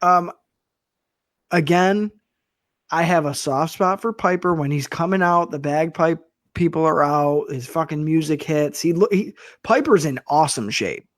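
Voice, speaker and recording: A man's voice: on the high side, unhurried, no room sound, clean studio sound. Wry man spinning profane metaphors. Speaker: podcast co-host. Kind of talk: casual wrestling review chat.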